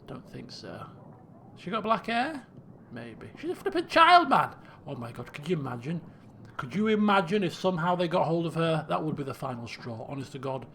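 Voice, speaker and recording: A man streaming a strategy game, commenting in a sarcastic, exasperated way with quick asides. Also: fairly high pitch, animated, vocal fry, slight background noise. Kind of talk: let's play commentary.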